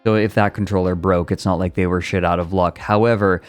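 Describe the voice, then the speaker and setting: Low-voiced man reading and riffing on stream. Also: steady tone, fairly quick, clear, resonant tone, faint music behind. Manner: profane, rambling asides between read passages. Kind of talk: casual stream commentary, reading an article aloud.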